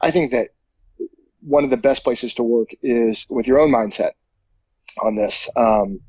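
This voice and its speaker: A man's voice: medium pitch, a little slow, darkish tone, breathy edge, dry recording, lo-fi sound. A man, a professor and firefighter, answering interview questions in a casual, thoughtful way with many fillers and restarts. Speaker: psychology professor and firefighter guest.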